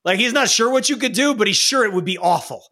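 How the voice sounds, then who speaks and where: A man runs a tabletop game, his voice high for a man and swinging widely in pitch. He narrates in a playful way and laughs easily. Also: animated, fast, pushed and bright. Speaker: game master.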